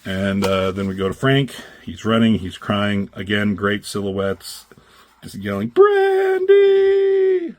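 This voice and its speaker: A man's voice: on the low side, steady tone, unhurried. A man reviewing comic strips in a casual, rambling chat, swearing freely and acting out characters' lines in raised voices.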